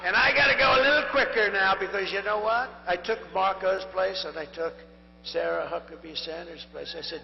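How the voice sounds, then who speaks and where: An older man speaks at a rally in a raised, gravelly voice that sounds hoarse and worn. He rambles and repeats himself as he drifts from point to point. The sound is dull and lo-fi, with mains hum underneath and a long echo from the big venue. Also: high voice, fairly quick. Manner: rambling, repetitive and digressive. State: hoarse, strained voice. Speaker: political candidate. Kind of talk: rally speech.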